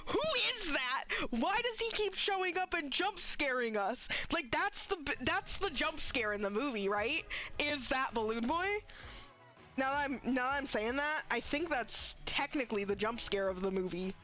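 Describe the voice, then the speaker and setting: High, bright-voiced woman streamer. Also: normal speed. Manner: rambling and animated, swears casually and laughs often. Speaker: live streamer. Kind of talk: casual stream chat. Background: faint music.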